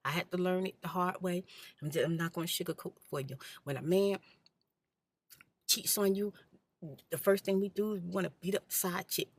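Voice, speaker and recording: A woman hosting an ASMR channel, telling her personal story in a soft-spoken, candid, blunt way and sometimes dropping to a whisper. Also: lowish voice, fairly even intonation, fairly quick, long pauses, dry recording.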